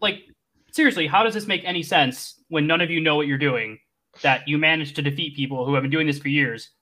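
A man's voice: a little high, fairly quick, bright, forceful tone. A man voicing an exasperated male announcer narrator. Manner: ranting, swearing, apologetic asides.

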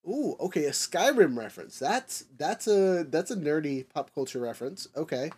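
A man hosting a casual discussion podcast, rambling with lots of fillers and restarts, nerdy and quick to chuckle at his own tangents. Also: on the high side, animated, darkish tone, slightly rough. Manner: rambling, filler-heavy, self-correcting. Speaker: podcast host.

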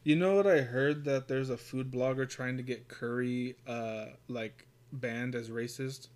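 Man, podcast host, casual, rambling, swears a lot, fillers, medium pitch. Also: steady tone, measured pace, darkish tone. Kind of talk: casual chat.

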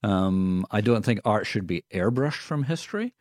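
Scottish guy, middle-aged, dry close mic, low voice, wry rambly radio chat, lots of ums. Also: lively intonation, moderate pace, no echo. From Scotland. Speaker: radio co-host.

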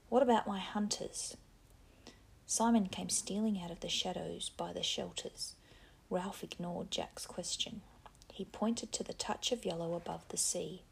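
A woman narrating a novel in a soft, half-whispered reading voice. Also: on the low side, gravelly, husky. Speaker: audiobook narrator. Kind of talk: scripted narration.

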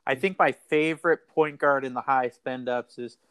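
Smooth-voiced man hosting a fantasy basketball chat. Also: medium pitch, fairly even intonation, normal speed, a bit bright, dry recording. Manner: rambling, repeats words while thinking. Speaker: fantasy basketball podcast host. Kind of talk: casual sports betting chat.

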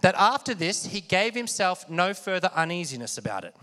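A man preaching with a fairly high voice, his words ringing with long reverb from a large hall. He talks casually and keeps asking the congregation questions. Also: big pitch swings, a little fast, sharp tone. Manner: conversational, asks the audience questions often. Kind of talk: sermon.

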